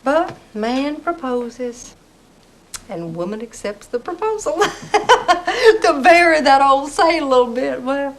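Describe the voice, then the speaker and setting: A woman's voice: high voice, animated, measured pace, low-quality recording. A gushing Southern mother. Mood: wistful. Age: middle-aged.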